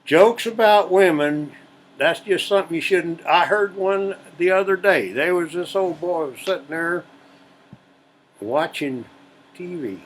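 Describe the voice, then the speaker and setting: A man's voice: high voice, measured pace, a little hiss or hum, low-quality recording. A man who hosts a channel, telling folksy jokes in a drawling storyteller's way.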